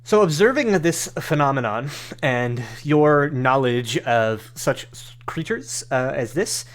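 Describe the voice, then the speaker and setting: A man's voice: mid-range voice, lively intonation, slow pace, fairly bright tone. A man narrating a tabletop game as game master, rambling through his descriptions with many fillers and restarts.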